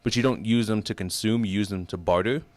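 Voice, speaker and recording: A man's voice: lowish voice, fast talker, no echo. A man co-hosting a casual gaming news chat, talking eagerly with lots of "like" and "um". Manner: chatty, enthusiastic, many fillers like "like" and "um". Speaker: co-host of a gaming news show.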